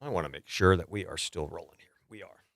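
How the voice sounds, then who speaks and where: A man's voice: low voice, quick pace, gravelly, a bit bright, dry recording. A middle-aged man hosting a casual livestream, rambling and swearing, with frequent restarts as he rants. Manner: rambling, profane, fired-up ranting with frequent restarts. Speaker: livestream host and music producer.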